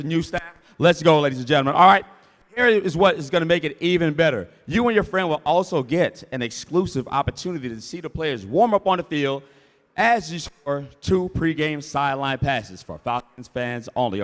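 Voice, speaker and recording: A man emceeing a charity auction, rapidly repeating bids and hyping the crowd in a large event hall. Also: on the high side, expressive, a bit bright. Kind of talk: live auction calling. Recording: reverberant hall from a PA.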